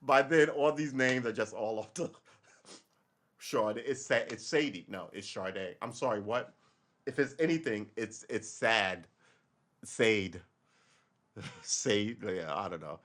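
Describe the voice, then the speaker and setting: A man's voice: lowish voice, lively intonation, a little slow, fairly bright tone. A man from Brooklyn, hosting a casual political livestream. He talks in a loose, rambling, profane way. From Brooklyn, New York. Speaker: livestream host.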